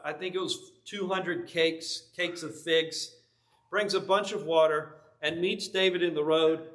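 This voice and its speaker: A male pastor tells a story in his sermon, folksy and animated. His voice is high and bright, with a tense edge.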